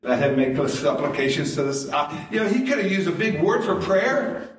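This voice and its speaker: A man's voice: on the high side, sing-song, moderate pace. A middle-aged male pastor preaching a sermon, telling folksy stories and chuckling at his own jokes. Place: church sanctuary. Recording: very echoey church from a distance. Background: congregation responses.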